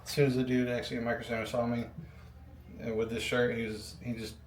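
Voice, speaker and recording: A young man talks in a loose, rambling way while he works, filling gaps with ums and swearing freely. His voice sits at an ordinary middle pitch. The room gives it a roomy echo, with a faint hum of ambience behind him. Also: flat delivery, fast talker. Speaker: PC builder vlogger. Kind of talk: rambling casual chat while building a PC.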